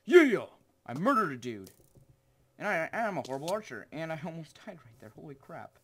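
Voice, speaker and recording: A teenage boy hosting his own gaming channel, rambling through gameplay commentary with jokes and sudden excited yelps. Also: a little high, fast talker. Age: teens.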